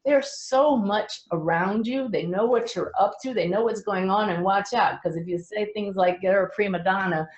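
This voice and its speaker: A middle-aged woman who is a medium, speaking earnestly to a webinar audience with gentle humor. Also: mid-range voice, normal speed, few pauses, echoey room, highs cut off.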